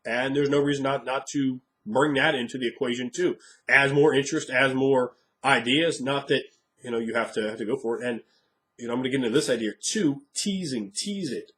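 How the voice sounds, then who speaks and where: A man's voice: mid-range voice, steady tone, fairly quick, a bit bright. Frank rambling male game master. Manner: frank, rambling, thinking aloud. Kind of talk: casual monologue.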